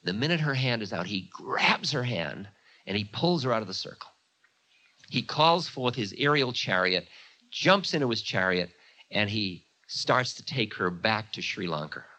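Animated man telling an old tale. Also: on the low side, normal speed. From United States. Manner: animated, chatty, full of asides. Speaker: spiritual teacher. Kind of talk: storytelling talk.

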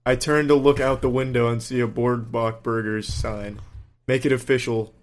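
A man's voice: medium pitch, steady tone, normal speed. A man co-hosting a podcast, laughing often and reading listener letters playfully. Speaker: podcast co-host.

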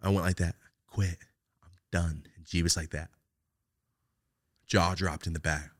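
A man hosting a podcast, telling a story in casual chat, animated and profane with loud outbursts. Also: low-pitched, a little slow, no echo, studio quality. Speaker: podcast host.

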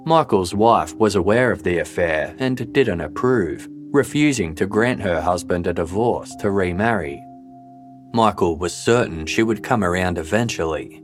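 Deep-voiced man narrating true crime. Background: faint background music.

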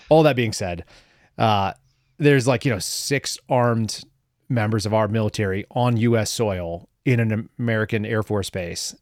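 Interview guest, male, lower register, dry close mic; chatty and wry, filler-heavy storyteller. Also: dry recording. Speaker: guest, former government analyst.

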